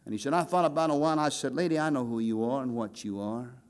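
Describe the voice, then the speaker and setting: A man's voice: mid-range voice, fast talker, few pauses. Folksy preacher man telling stories. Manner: folksy, animated storytelling, acting out voices in quoted dialogue. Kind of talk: sermon with storytelling.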